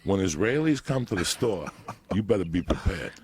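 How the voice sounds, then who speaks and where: A man telling profane stories in a casual podcast chat, loud and laughing. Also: deep voice, sing-song, normal speed, a little hiss or hum. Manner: profane, loud storyteller who breaks into laughter. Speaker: podcast guest.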